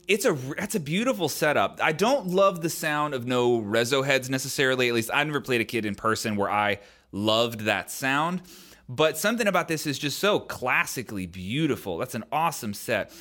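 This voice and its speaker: Bright-voiced man rambling on a podcast. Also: mid-range voice. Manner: rambling, hedging, many fillers. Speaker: podcast co-host. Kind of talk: casual podcast chat.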